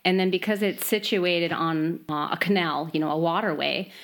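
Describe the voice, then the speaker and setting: A woman from Michigan's Upper Peninsula with a softened Yooper accent, chatting casually and laughing often. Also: fairly low pitch, steady tone, moderate pace. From Upper Peninsula of Michigan, USA. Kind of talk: casual conversation.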